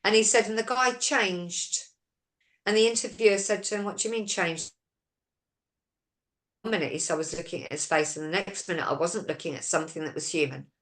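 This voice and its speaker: Woman, talk show host, storytelling, quoted dialogue, lowish voice. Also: fairly quick, fairly bright tone. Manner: reads listener questions aloud. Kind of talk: casual chat.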